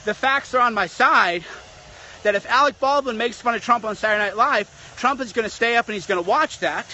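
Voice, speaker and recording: A man's voice: extremely high pitch, a little fast, sharp tone, lo-fi sound. A man delivering a blunt, sarcastic political rant as a commentator. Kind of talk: ranting monologue.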